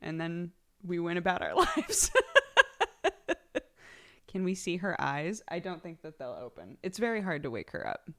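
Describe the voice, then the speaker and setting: A woman's voice: on the low side, sing-song, moderate pace, long pauses, fairly bright tone. A young woman livestreamer chatting casually with her viewers. She is bubbly and giggly, and she thanks subscribers by name. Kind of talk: casual chat with live viewers.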